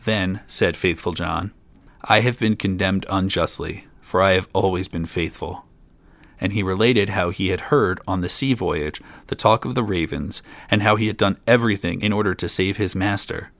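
A man's voice: deep voice, moderate pace, creaky, a bit bright, dry recording. A man reading an old fairy tale aloud, with dry asides of his own. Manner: reads plainly, drops in dry asides. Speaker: storyteller.

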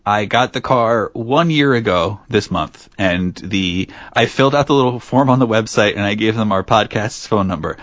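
A man's voice: lowish voice, moderate pace, hardly any pauses, fairly bright tone, no room sound. A man co-hosting a podcast, chatting casually and joking as he rambles. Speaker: podcast co-host.

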